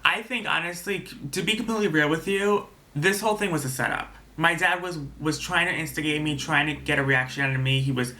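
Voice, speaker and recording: A man's voice: on the high side, fairly quick, hardly any pauses, bright, forceful tone. A young man telling a personal story in a vlog, rambling and indignant. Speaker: vlogger.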